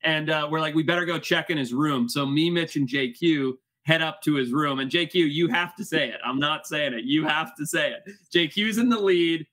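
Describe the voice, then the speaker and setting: A man hosting a casual crew chat, telling a story in an animated way with laughter and acted-out quotes. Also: on the high side, moderate pace, hardly any pauses, poor audio. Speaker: show host.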